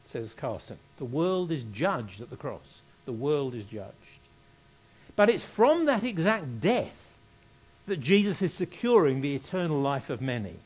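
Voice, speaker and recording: A man's voice: fairly high pitch, very animated, a little slow, a little mellow, breathy edge. A man preaching a sermon, reading scripture aloud and repeating key phrases for emphasis.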